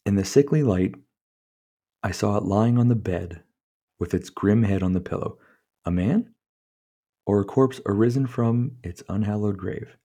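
A deep-voiced man with a dark, mellow tone hosts a podcast. He reads old-fashioned prose aloud, stumbles over the wording, and drops into loose, profane asides between passages. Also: a little slow, pauses often. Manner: stumbles over words, swears freely, chuckles at the text. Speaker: podcast host. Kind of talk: reading a book aloud with casual commentary.

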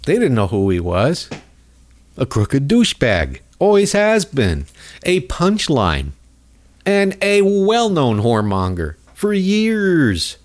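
A man's voice: on the high side, wildly swooping pitch, slow. A man hosting a comedic political rant in a mocking, rambling way. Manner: mocking, rambling, jumps into voices. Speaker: host.

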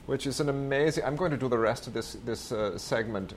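A man's voice: medium pitch, fairly quick, a little hiss or hum. A man co-hosting a podcast, rambling enthusiastically and with some self-mockery about a film collection. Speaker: podcast co-host. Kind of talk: casual chat about home video releases.

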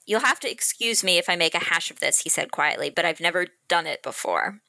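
A woman co-hosting a book podcast, chatting excitedly and reading a romance passage aloud. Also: on the low side, fairly quick, vocal fry, no room sound. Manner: excitable, laughs easily. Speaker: podcast co-host.

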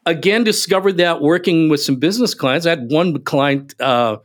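An emphatic man guest in a relaxed podcast interview. His voice sits somewhat high for a man and he punches key words. He acts out the people in his stories as he talks. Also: normal speed. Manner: animated, emphatic, acts out quotes. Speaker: podcast guest, business speaker. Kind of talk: casual interview storytelling.

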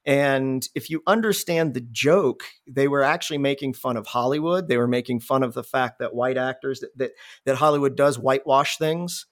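A man's voice: mid-range voice, moderate pace. A man hosting a podcast in casual chat, rambling and profane, restarting his words. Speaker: podcast host.

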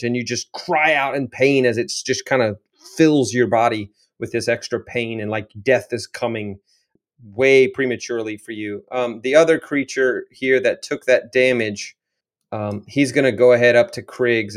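Man narrating as game master. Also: medium pitch. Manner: descriptive, loose narration with fillers.

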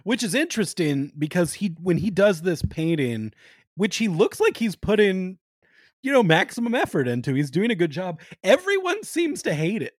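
Lively joking man, dry close mic. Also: high voice, moderate pace, no room sound. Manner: animated, profane, joking. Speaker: podcast co-host. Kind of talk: casual chat.

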